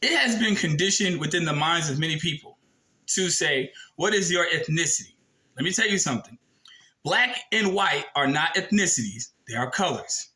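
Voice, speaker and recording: A man's voice: a little high, animated, normal speed, sharp tone, poor audio. A man casually explaining a form and reading it aloud, talking bluntly with emphatic rhetorical questions and some swearing. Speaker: video presenter.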